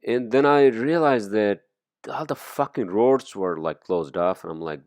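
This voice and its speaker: A man talks through a loose solo podcast monologue, rambling and swearing freely between fillers. His voice sits very low with a gravelly fry, and the recording is dry and close. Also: expressive, moderate pace, a little mellow, no room sound. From immigrant to the US. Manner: rambling, profane, many fillers. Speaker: podcast host. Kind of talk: casual monologue.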